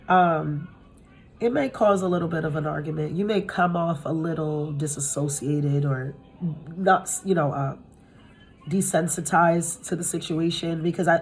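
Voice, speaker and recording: A woman's voice: lowish voice, a little mellow, breathy edge. A woman giving a casual tarot reading to her viewers from home, talking bluntly, swearing freely and laughing often. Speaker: tarot reader. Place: at home with pets nearby.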